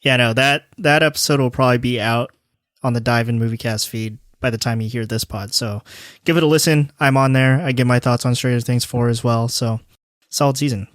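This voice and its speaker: A man's voice: medium pitch, steady tone, brisk, no room sound, studio quality. A man hosting a casual podcast chat, talking loosely with lots of "like" and "you know.". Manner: loose, filler-heavy talk full of "like". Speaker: podcast host.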